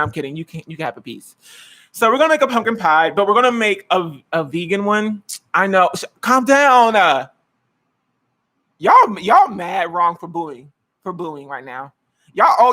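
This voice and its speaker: A man's voice: high voice, sharp tone. A man in his twenties hosting a casual live-stream cooking chat from his home kitchen, sassy, dramatic and playfully teasing. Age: 20s. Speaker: host.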